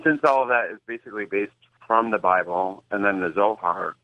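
Hesitant low-voiced man on a phone line. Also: brisk, a little hiss or hum. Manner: hesitant, searching for words. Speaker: first-time caller. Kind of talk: phone call to a radio show.

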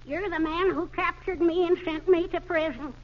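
A man's voice: very high-pitched, fairly even intonation, pitched above the performer's own voice. A man voicing a feeble, ancient male prisoner who drags out his words, in a 1940s radio comedy. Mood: weary. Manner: feeble, drawn-out. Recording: muffled old radio recording.

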